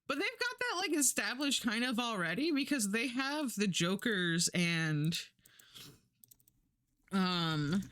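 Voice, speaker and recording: A woman's voice: fairly low pitch, fairly bright tone, no echo. A woman streaming live, chatting casually and rambling while she works, laughing often and swearing now and then.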